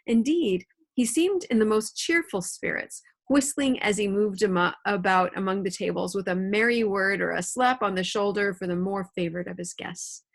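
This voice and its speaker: A woman teacher reading a classic novel aloud to her students at home in a clear, steady storytelling voice. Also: medium pitch. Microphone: computer mic.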